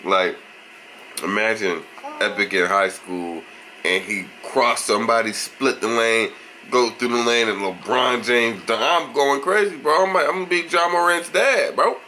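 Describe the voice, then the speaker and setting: A young man vlogging casually at home, talking in relaxed slang and chatting to his baby son. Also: mid-range voice, moderate pace, slight background noise, poor audio. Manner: laid-back slangy talk, chats to baby. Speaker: vlogger and new father.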